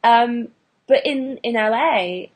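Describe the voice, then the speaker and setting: A woman's voice: a little high, slow. A British woman, a burlesque performer and actor, chatting in an interview with many restarts and fillers. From England. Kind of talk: casual interview chat.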